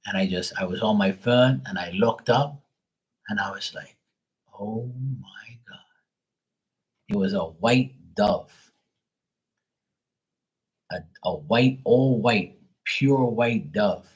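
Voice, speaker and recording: A man chatting casually on a tarot livestream, telling stories in a profane, animated way. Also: on the low side, slow, pauses often, low-quality recording. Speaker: tarot reader.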